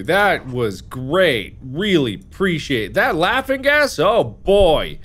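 A man giving let's play commentary as a gaming host, switching between loud theatrical shouts and low muttered asides. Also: very animated, takes it slowly, hardly any pauses, a little hiss or hum.

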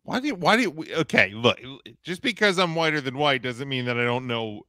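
A man's voice: mid-range voice, lively intonation, brisk, sharp tone, no echo, studio quality. Rambling man on a podcast. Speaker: podcast guest. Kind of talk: casual podcast banter.

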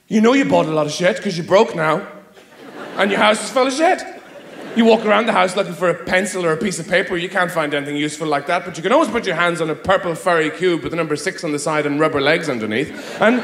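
A man with an Irish accent doing rambling, sardonic stand-up comedy on stage, jumping into shrill mock voices. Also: big pitch swings, brisk, fairly bright tone, slight background noise. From Ireland. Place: theatre stage with live audience. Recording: live hall echo.

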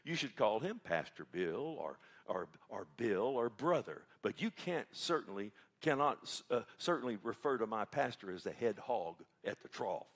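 A man's voice: on the low side, very animated, moderate pace, hardly any pauses, a bit bright, slightly rough, full character voice. A man putting on a prim, proper woman who answers the church office phone. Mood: indignant.

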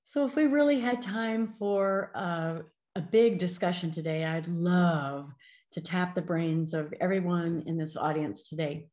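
A middle-aged woman presents to an audience in a measured, explanatory way, often pausing on an "um". Her voice sits low and mellow. The sound carries a roomy echo. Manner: measured, explanatory, frequent ums. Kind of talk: conference presentation.

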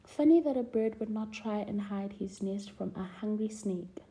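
A woman's voice: medium pitch, animated, normal speed, warm tone, natural voice. A woman voicing a big, hungry male snake in a storybook reading, musing to himself.

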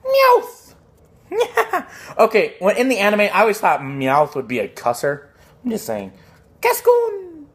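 A young man talking casually as he unboxes trading cards on a phone recording, excitable, swearing often and tossing out jokey asides. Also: a little high, a little fast. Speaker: card unboxing vlogger.

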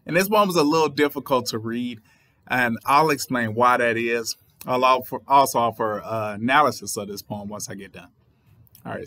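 A man's voice: medium pitch, normal speed, sharp tone, no room sound. A man with a Southern US accent, a writer and channel host, explaining a poem in a thoughtful way and spelling words out letter by letter. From Southern United States. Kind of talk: poetry reading with commentary.

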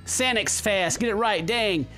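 A man rattles off jokey let's play commentary, excitable and sarcastic, swearing freely. His voice is bright and sharp, recorded close on a desk microphone with faint game music in the background. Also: high-pitched, unhurried. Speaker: gaming YouTuber.

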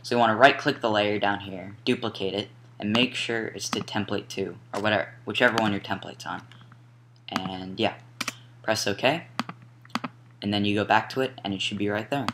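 Casual young man giving software steps. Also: lowish voice, steady tone, normal speed, noisy background. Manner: casual, apologetic, self-correcting instructions. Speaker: tutorial maker. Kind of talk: screen-recorded software tutorial. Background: mouse clicks and typing.

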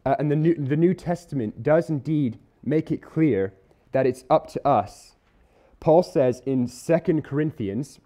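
Earnest man preaching, mellow voice. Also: fairly high pitch. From Isle of Man or UK. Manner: earnest, conversational, slows to stress key words. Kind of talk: sermon. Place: church hall.

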